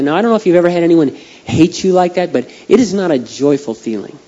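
A middle-aged man preaching a heartfelt sermon, dropping to a hush and then rising to loud pleading. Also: on the high side, animated, quick pace. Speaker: pastor. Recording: dull lo-fi sound.

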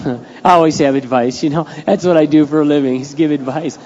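A middle-aged man preaches to a congregation in a candid, talky style, dropping to quiet asides and rising to loud outbursts. His voice sits a little high. The sound is dull and lo-fi, with a long reverb from a large church hall. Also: fairly even intonation, brisk, a little hiss or hum. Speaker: pastor. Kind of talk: sermon.

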